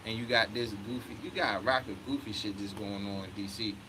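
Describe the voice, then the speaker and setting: A man's voice: fairly low pitch, steady tone, fairly quick, noisy background. Profane, heated man in his thirties. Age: 30s. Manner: profane, heated, quotes himself a lot. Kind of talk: casual storytelling rant.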